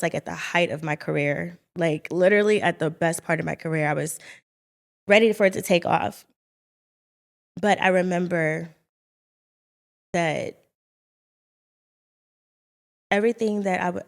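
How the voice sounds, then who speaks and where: A young woman in an earnest, halting, reflective telling of her personal faith testimony. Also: on the low side, vocal fry. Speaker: vlogger sharing her story.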